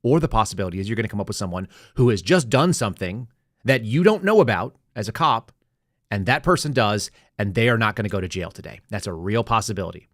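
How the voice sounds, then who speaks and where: A man's voice: on the low side, animated, fast, dry recording, studio quality. A man hosting a commentary podcast, giving blunt, instructive advice. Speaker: podcast host. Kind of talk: political commentary.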